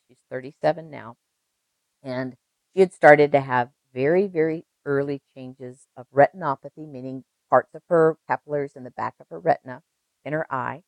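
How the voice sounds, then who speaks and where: A woman's voice: a bass voice, no echo, low-quality recording. An older woman, a registered nurse, telling stories emphatically in an interview and repeating phrases for effect. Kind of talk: conversational interview.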